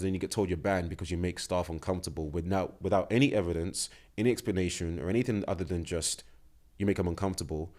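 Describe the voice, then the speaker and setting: A man's voice: low voice, darkish tone. A young man co-hosting a podcast, telling a story in casual chat, acting out the lines of the people in it and laughing often. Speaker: podcast co-host.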